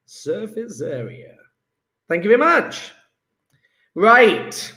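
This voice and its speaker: A man teaching a chemistry lesson live online, enthusiastic and coaxing, praising students by name with quick asides. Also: high-pitched, sing-song, fairly bright tone. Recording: roomy echo.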